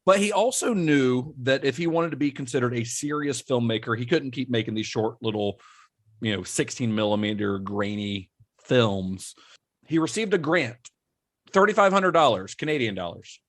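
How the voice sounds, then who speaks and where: A man hosting a casual film podcast. His voice is mid-pitched and relaxed, and he breaks into easy laughter while he explains. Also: moderate pace. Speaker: podcast host.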